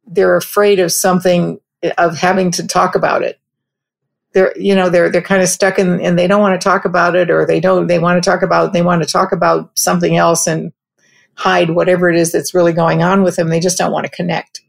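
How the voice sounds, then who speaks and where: A woman telling a personal anecdote in a reflective, halting way, often restarting her sentences. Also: lowish voice, little pitch movement, creaky. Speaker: storyteller. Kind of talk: personal anecdote told conversationally.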